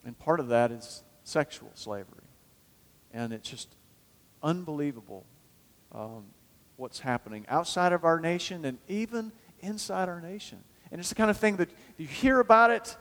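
Fervent high-voiced male pastor, reverberant hall. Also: moderate pace. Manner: swings from loud fervent calls to quiet low asides. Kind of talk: sermon.

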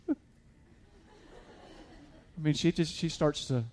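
A man's voice: on the high side, steady tone, slow, darkish tone. A man preaching a sermon as a pastor, conversational with many fillers and restarts, building to emphatic peaks.

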